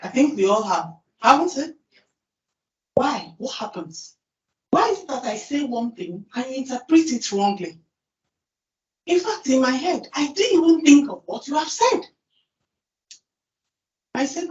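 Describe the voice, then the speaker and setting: Nigerian woman giving a lively conference talk. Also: on the high side, takes it slowly, long pauses. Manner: lively, asks the audience questions and answers them herself. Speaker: conference speaker. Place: large conference hall. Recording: distant, roomy, dull hall recording.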